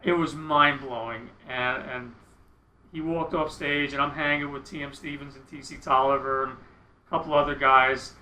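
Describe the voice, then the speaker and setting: Bright-voiced man telling a lively story. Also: mid-range voice, moderate pace, roomy sound, a little hiss or hum, rough recording. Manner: animated, laughing storyteller, self-mocking. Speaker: guest guitarist. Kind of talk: casual storytelling in a radio interview.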